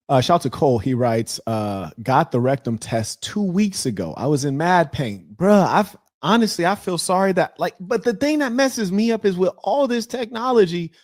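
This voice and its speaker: A middle-aged man hosting a relationship advice livestream, talking candidly and telling stories with loud, animated outbursts. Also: high-pitched, dry recording, studio quality. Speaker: host of a relationship advice show. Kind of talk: casual livestream talk reading viewer messages.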